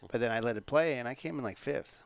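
A man's voice: mid-range voice, fast talker, vocal fry. A man co-hosting a casual sports podcast who teases and cuts in often. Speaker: co-host.

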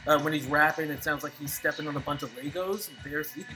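A co-host talks casually, wry and often laughing. Music plays clearly in the background. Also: medium pitch, quick pace. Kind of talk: casual chat.

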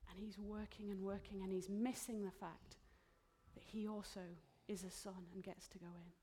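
A woman preaching a sermon in a church, heartfelt and emotional, dropping into soft whispered asides. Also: medium pitch, level tone, moderate pace, a little hiss or hum.

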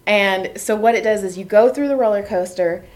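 A woman hosting a casual chat in a basement, telling lively stories, acting out the quotes and laughing often. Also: mid-range voice, moderate pace. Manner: animated storyteller acting out quotes. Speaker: podcast host. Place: basement room.

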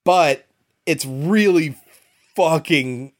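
A man co-hosting a podcast, talking about films in an animated, opinionated way and swearing often. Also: fairly high pitch, drawn-out words. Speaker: podcast co-host. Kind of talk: casual film discussion.

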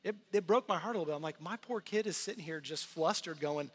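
Pastor, middle-aged man, high voice, earnest conversational sermon, long hall reverb. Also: fast. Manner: earnest, conversational preaching with repeated restarts.

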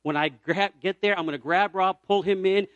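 Male evangelist from Puerto Rico, high voice, dry close sound, storytelling sermon, shifts from loud to hushed. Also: normal speed, dry recording, muffled recording. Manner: animated storyteller, swings from loud cries to near-whispers. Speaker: evangelist preacher.

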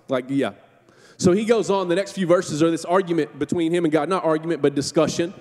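High-voiced pastor in a reverberant church. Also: male voice, fairly quick, a little mellow. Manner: conversational, jokey storytelling with acted-out quotes. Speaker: campus pastor. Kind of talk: sermon. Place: church sanctuary. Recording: long hall reverb in a church.

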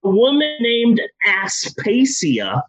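A man retelling history for comedy in a casual, profane, animated way. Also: extremely high pitch, slow, rough recording. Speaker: comedy storyteller.

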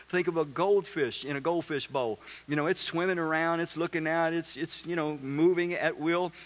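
A man preaching a sermon as pastor, animated, acting out little voices and asking the crowd questions. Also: high voice.

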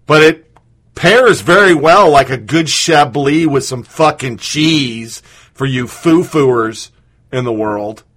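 A man's voice: medium pitch, expressive, takes it slowly, fairly bright tone. A male podcast host with a mid-range voice rants in commentary, swearing often. His delivery is blunt and emphatic. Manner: ranting, profane.

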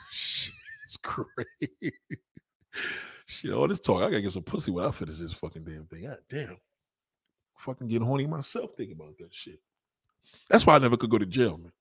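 A man with a husky, slightly rough voice, ranting bluntly and crudely in a casual way. His pitch swings widely as he drives his points home, and he often says the same thing twice. The sound is dry and close, with no room around it. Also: big pitch swings, normal speed, long pauses, no echo. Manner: blunt, crude, repeats himself for emphasis. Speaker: monologue speaker. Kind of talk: casual profane rant.

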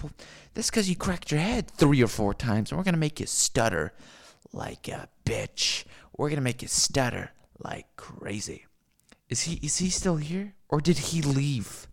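A man rants alone on a stream in a gravelly, creaky voice. He talks slowly, and his pitch swings up and down a lot. His rambling, profane delivery has a sardonic bite. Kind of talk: unscripted solo rant.

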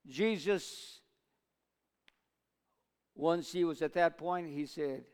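A male preacher delivering a sermon, swinging between loud urging and low asides and calling for amens from the congregation. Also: extremely slow, pauses often, smooth. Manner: call-and-response with congregation. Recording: long reverb of a large hall.

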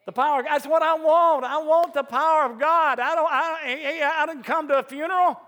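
Fervent male preacher with a very high, forceful voice, recorded in an echoey church hall. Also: fairly even intonation, moderate pace. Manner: fervent, emphatic preaching with rising outbursts. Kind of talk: sermon.

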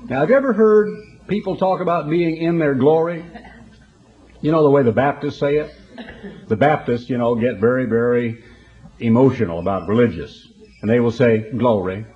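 A man's voice: mid-range voice, normal speed, long pauses, narrow, tinny audio. A man preaching a broadcast sermon in a folksy, conversational storytelling manner.

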